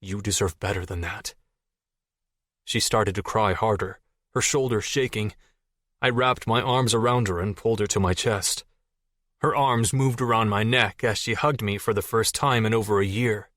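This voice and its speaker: Low-voiced male audiobook narrator. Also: normal speed, fairly bright tone, no echo, studio quality. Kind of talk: scripted first-person narration.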